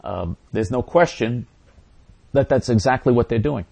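A male talk show host answers listener messages at a middling pitch. He rambles through them with restarts and sarcastic asides. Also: expressive, normal speed, gravelly, dark tone, breathy edge.

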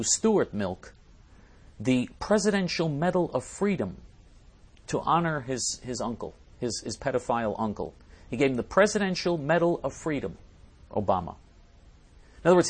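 Guy ranting on his talk show, scornful, keeps restarting, gets loud then drops off. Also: medium pitch, husky. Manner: emphatic and scornful, with frequent restarts and swings in loudness. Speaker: talk show host reading listener messages. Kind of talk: ranting monologue.

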